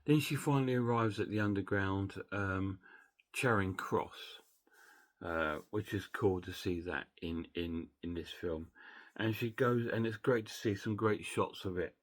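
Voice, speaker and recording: A man's voice: deep voice, normal speed. A man casually recapping a film's plot, rambling with many restarts and fillers. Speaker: film reviewer.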